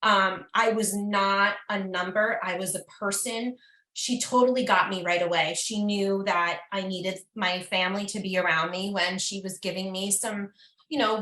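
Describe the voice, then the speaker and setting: Bright-voiced woman recalling her care. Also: medium pitch, reverberant, rough recording. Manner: earnest, reflective, frequent ums. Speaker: breast cancer survivor, patient. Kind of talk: heartfelt personal account.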